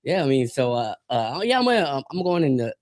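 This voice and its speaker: A man hosting a podcast in a loose, profane chat about hip hop. His pitch swings widely as he drops into mock rapper voices. The sound is dry and close to the mic. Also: sing-song, a little fast, no echo. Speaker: podcast host. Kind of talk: casual hip hop banter.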